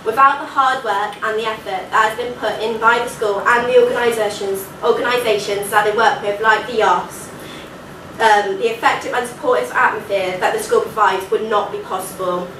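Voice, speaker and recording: A woman's voice: on the high side, fairly even intonation, normal speed, bright, forceful tone, slight background noise. Young woman presenter, nasal voice, earnest conference talk, miked from a distance in an echoey hall. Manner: earnest, informal fillers like "like" and "so". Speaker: student presenter. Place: university lecture hall. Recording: echoey hall recording from far off.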